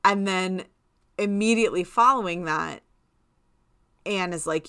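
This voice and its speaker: A woman's voice: lowish voice, measured pace, clear, resonant tone, no echo, studio quality. A woman co-hosting a podcast in casual chat, telling stories and acting out quoted lines. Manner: animated storyteller, acts out quoted lines. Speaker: podcast co-host.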